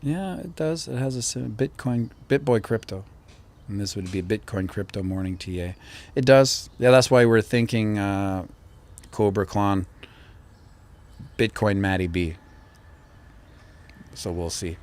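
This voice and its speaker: A man's voice: lowish voice, unhurried, pauses often, a little hiss or hum. A man hosting his own channel, chatting casually and rambling as he answers viewer comments. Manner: relaxed and rambling, with frequent fillers and restarts. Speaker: crypto channel host. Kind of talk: casual live-stream chat reading viewer comments.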